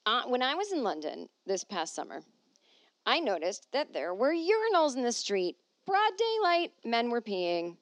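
A woman's voice: a little high, very animated, moderate pace, no room sound. A woman hosting a podcast from home, chatting casually and reading an article aloud with wry, jokey asides. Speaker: podcast host.

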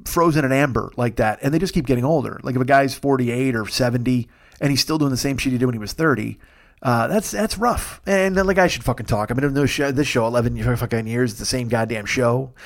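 Man, 40s, podcast host, rapid profane rambling, pleasant resonant voice, comedic monologue. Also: medium pitch. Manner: rambling, profane storytelling with tangents.

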